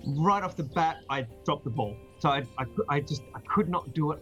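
A man's voice: fairly high pitch, expressive, fairly quick, a bit bright, highs cut off, soft background music. Chatty Australian man on a video call. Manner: chatty, laughs easily, many fillers and restarts. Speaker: guest. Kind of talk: casual chat.

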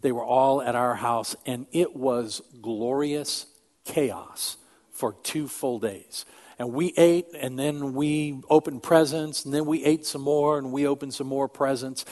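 An older man, a pastor, preaching a sermon in an earnest, emphatic way that drops to quiet asides. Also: medium pitch, unhurried.

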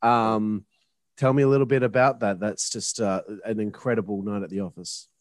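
A man's voice: fairly low pitch, steady tone, normal speed, no room sound, studio quality. A man hosting an interview, easygoing and fan-like, who laughs along with his guest's stories. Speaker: podcast host, interviewer. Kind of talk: casual interview.

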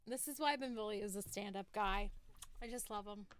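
A woman co-hosting a casual film discussion. She talks in an animated way, with laughter and quick asides. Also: medium pitch, a crowd in the background. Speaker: podcast co-host.

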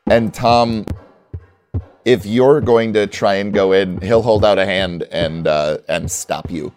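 A man narrating as game master of a tabletop game, relaxed and rambling, full of fillers. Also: on the low side, slow pace, smooth, soft background music.

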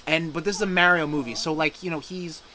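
A man's voice: fairly high pitch, fairly even intonation, quick pace, sharp tone, rough recording. A man co-hosting a podcast, chatting casually and profanely about gaming news with loose banter. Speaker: podcast co-host.

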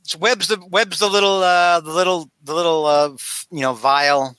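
A man hosting a casual podcast chat, recapping a story in an animated way and acting out the characters' lines. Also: on the high side, normal speed, dry recording. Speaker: podcast co-host recapping a comic.

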